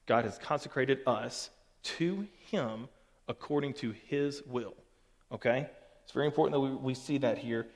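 A man's voice: mid-range voice, moderate pace. A man gives a casual Bible teaching as a pastor, often checking in with "okay" and "all right". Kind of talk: recorded Bible teaching to camera. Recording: long hall reverb.

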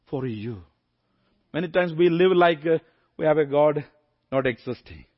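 High-voiced emphatic preacher man. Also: animated, normal speed, long pauses, lo-fi sound. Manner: emphatic, repetitive, swings from soft to loud. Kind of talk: sermon.

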